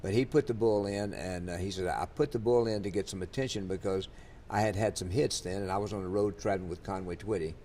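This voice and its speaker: An older man with a drawl sits for an interview and tells his stories in a low voice. He wanders and restarts his sentences, leaning on plenty of fillers along the way. A faint rumble sits under the recording. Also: quick pace, mellow. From Louisiana, USA. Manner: rambling, many fillers and restarts. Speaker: interviewee, country singer. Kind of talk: storytelling in an interview.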